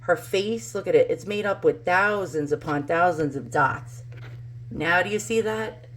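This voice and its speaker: A woman with a New York accent talks through a close-up demonstration at a table. Her voice sits a touch low, and her chatty delivery leans on repeated words for emphasis. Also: measured pace. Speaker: antiques channel host. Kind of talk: casual show-and-tell demonstration.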